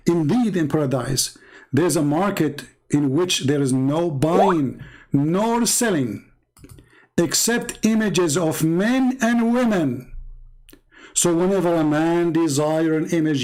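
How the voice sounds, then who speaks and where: A man's voice: on the high side, a little mellow. A man hosting a livestream, talking in a mocking, taunting way and repeating phrases for emphasis. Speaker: livestream host. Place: home setup streaming online.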